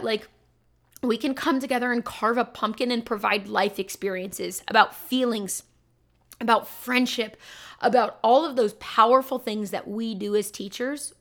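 A woman's voice: a little high, a bit bright. A young adult woman, a teacher, giving an upbeat, chatty motivational talk to fellow teachers with lots of emphatic repeats. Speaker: teacher and podcast host.

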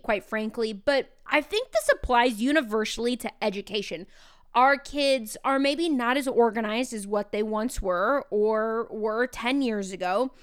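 Energetic, loud woman teacher. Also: a little high, smooth. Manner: animated and candid, acts out quoted exchanges. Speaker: teacher and podcast host. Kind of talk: casual solo podcast talk.

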